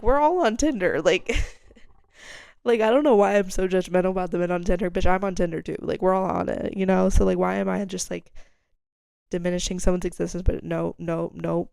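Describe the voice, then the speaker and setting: A woman's voice: mid-range voice, creaky, a little mellow, dry recording. A young woman hosting her own podcast, rambling candidly in a casual solo monologue, full of "like" and casual swearing. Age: young adult. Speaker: podcast host.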